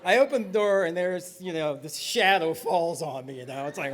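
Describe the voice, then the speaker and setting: A man from Texas with a high voice tells a story on stage. His pitch swings widely as he delivers it in a comic, animated and exaggerated way. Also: normal speed.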